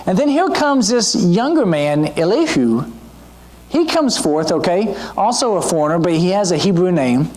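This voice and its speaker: Animated preacher man, lively pitch. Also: moderate pace. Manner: conversational, asks the audience questions; animated teaching delivery with frequent asides. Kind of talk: sermon.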